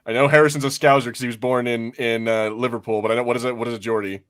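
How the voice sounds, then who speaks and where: A man's voice: mid-range voice, rapid-fire, clean tone. American male podcast host from New Mexico, mid-range voice, sweary and giggly. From New Mexico, USA. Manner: profane, laughing, excitable. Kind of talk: casual podcast chat.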